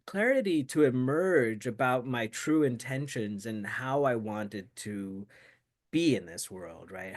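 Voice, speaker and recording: A man talking in a casual, rambling way full of fillers, reflecting on his meditation practice as a show co-host. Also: medium pitch. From United States. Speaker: co-host of a Buddhist talk show. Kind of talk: casual chat.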